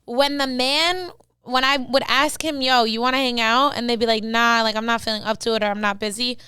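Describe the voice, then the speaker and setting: A woman's voice: fairly high pitch, fairly quick, clear, resonant tone, dry recording, clean studio sound. A woman co-hosting a podcast, chatting casually and telling stories animatedly, swearing freely and acting out what people said. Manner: animated storyteller, swears freely, acts out quotes. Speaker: podcast co-host. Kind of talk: casual chat.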